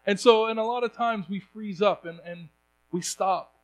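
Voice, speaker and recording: A man's voice: high voice, moderate pace, rough recording. A young man preaching a sermon in an earnest way, often restarting his sentences.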